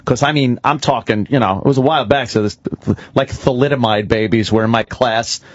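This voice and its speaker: A man's voice: medium pitch, fairly quick, no echo. A man hosting a radio show, talking bluntly in casual chat and making crude asides. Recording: dull, dry studio sound.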